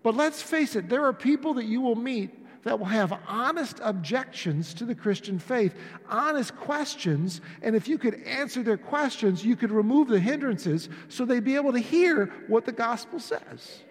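A man's voice: extremely high pitch, expressive, normal speed. A male pastor giving a conversational sermon to his congregation, acting out little dialogues along the way. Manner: conversational preaching with acted-out dialogues. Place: church sanctuary. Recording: echoey church hall.

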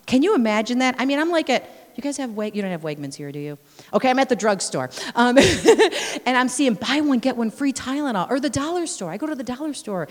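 A woman's voice: on the high side, brisk. A woman missionary giving a sermon full of personal stories, acting out scenes and exclaiming praise. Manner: lively storyteller, acts out scenes, exclaims praise. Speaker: missionary speaker. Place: church sanctuary. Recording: long reverb of a large church hall.

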